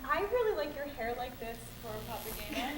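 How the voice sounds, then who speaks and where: A woman's voice: sits high, very animated, fairly quick. A young woman, an opera student, offering hesitant, chatty suggestions during a rehearsal. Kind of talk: casual rehearsal feedback. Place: rehearsal room with classmates. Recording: roomy rehearsal room, people around.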